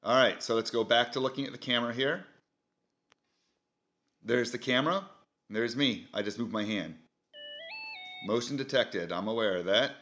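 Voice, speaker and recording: A man's voice: medium pitch, normal speed, pauses often, fairly bright tone, faint music behind. A man hosting a casual product demo, easygoing and thinking aloud as he goes. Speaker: product reviewer.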